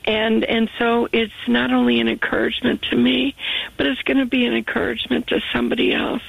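A woman calling in to a faith radio program, talking earnestly and haltingly with frequent restarts. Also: a little high, flat delivery, creaky, husky, dry recording, phone-quality sound. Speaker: radio call-in listener. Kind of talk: grateful call to a faith radio show.

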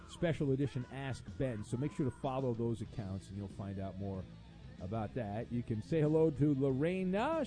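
On his sports radio show, a man with a mid-range, dark voice reads listener messages aloud. He adds sarcastic, jokey, rambling asides.

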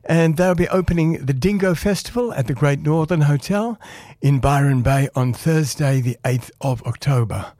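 A man's voice: a little high, moderate pace, darkish tone, dry recording. A man hosting a community radio music show, signing off in an upbeat, friendly announcing manner and a little out of breath. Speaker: radio DJ and host.

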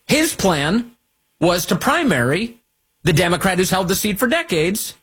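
A man hosting a political talk radio show, mocking and animated, sometimes squealing up high to mimic people. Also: slightly rough. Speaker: radio host.

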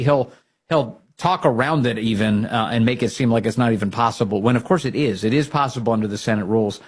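A man hosting a political talk show, giving emphatic, opinionated commentary that grows excited when he rallies listeners. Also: mid-range voice, slightly rough.

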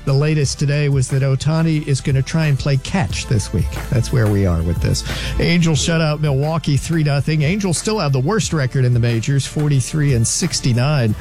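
A man's voice: fairly high pitch, lively intonation, moderate pace, darkish tone, soft background music. A man delivering a sports scores update on a talk show, rattling off results one fact at a time. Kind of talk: reading a sports news update.

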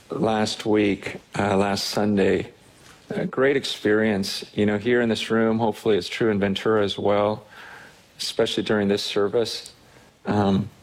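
Animated earnest male pastor preaching. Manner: animated, earnest, with many restarts and rising pitch when excited. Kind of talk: sermon. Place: church sanctuary.

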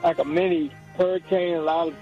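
A man's voice: fairly high pitch, steady tone, brisk, muffled recording, soft background music. An older man from Georgia calling in to a radio show, earnest and rambling with many restarts. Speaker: caller. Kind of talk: call-in radio talk.

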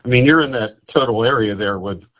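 A man calling in to a radio show, talking in a halting, folksy way and repeating himself. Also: medium pitch, dull audio. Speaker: caller. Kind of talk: casual call-in chat.

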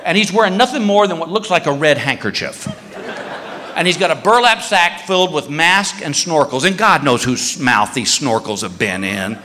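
A male comedian spins a story on stage with a high, bright voice. He is loud and animated, yelping and shouting as he acts out his bits. The sound carries the long reverb of a large hall. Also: moderate pace, a faint crowd, a little hiss or hum. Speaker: stand-up comedian. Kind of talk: stand-up storytelling. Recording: live show in a hall with reverb.

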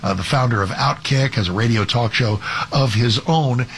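A man's voice: medium pitch, moderate pace, slight background noise. Argumentative male talk radio host. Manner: conversational, frequent restarts and fillers, argumentative. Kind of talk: conservative talk radio commentary.

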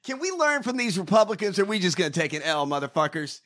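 Loud ranting man, high and bright. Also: very animated, quick pace. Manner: loud, ranting, heavy swearing. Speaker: podcast host. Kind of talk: profane political rant.

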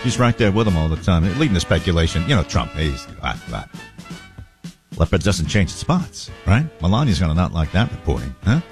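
A man's voice: low-pitched, very animated, a little fast, soft background music. A man hosting a morning talk radio show, sarcastic and jokey, often mimicking the people he talks about.

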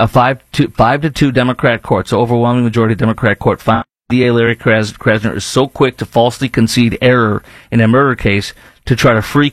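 A man's voice: medium pitch, no echo. A man hosts a talk radio show in an emphatic, opinionated monologue, full of restarts and asides. His voice sits in a middle register. The studio sound is close and dry. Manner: emphatic, rambling, with mocking put-on voices.

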